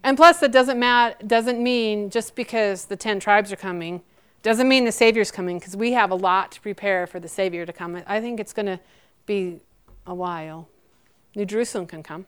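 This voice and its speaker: A woman in her forties answering audience questions about her near-death experience, earnest and halting, with frequent restarts. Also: mid-range voice, clear, resonant tone.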